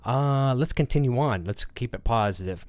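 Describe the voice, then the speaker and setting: A man's voice: medium pitch, expressive, moderate pace, darkish tone. A man hosting a casual livestream, rambling with lots of fillers as he reads chat comments and tells a story. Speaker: livestream host.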